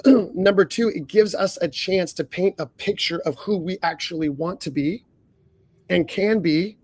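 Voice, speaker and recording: An earnest man coaches listeners on a podcast, with a high voice. He often clears his throat and strings rhetorical questions together. The sound is dry and close to the mic. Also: a little slow, darkish tone, dry recording. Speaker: leadership coach, podcast co-host.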